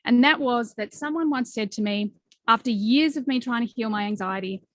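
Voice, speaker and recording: A woman's voice: fairly high pitch, normal speed, fairly bright tone. A woman in her forties hosting a podcast interview, talking in an earnest, reflective way with plenty of fillers. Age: 40s. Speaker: podcast host. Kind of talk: conversational interview.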